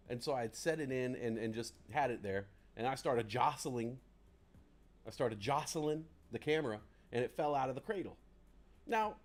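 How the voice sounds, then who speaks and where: A man hosting a casual livestream who rambles in a chatty, self-deprecating way, close on a desk mic. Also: mid-range voice. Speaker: livestream host.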